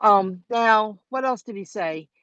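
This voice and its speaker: A woman's voice: mid-range voice, unhurried, a bit bright, dry recording, highs cut off. Chatty woman live-streaming from her car. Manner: chatty, rambling, talks straight to viewers. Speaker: vlogger hosting a live stream. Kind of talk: casual live-stream storytelling. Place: in her car while driving.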